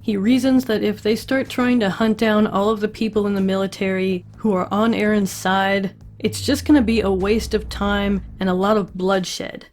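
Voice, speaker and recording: A woman's voice: mid-range voice, fairly even intonation, moderate pace, few pauses, darkish tone, faint music behind. Chatty woman recapping an episode. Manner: chatty, conversational, wry asides. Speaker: recap host.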